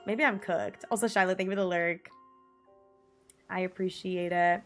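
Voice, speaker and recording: A young woman in her twenties streaming, chatting casually with viewers in a bubbly, giggly way, her pitch jumping up often. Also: fairly even intonation, normal speed. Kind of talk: casual livestream chat reading viewer messages. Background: faint music.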